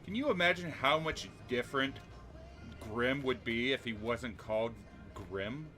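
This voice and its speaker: A man's voice: medium pitch, measured pace, sharp tone, faint music behind. A man streaming a driving game, chatting casually and dryly about his run. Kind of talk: casual gameplay commentary.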